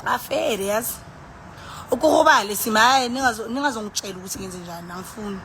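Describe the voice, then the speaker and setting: A woman's voice: on the high side, fast talker, a bit bright, a little hiss or hum. A tipsy woman with a South African accent, rambling and sighing in casual live-stream chat, switching between languages as she talks into her phone. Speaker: livestreamer.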